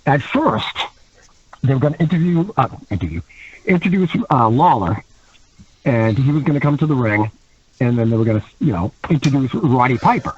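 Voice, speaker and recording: Animated man telling stories, lively pitch. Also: normal speed, slightly rough, muffled recording. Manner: animated, laughs often, acts out quotes in other voices. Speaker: guest wrestler. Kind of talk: casual storytelling.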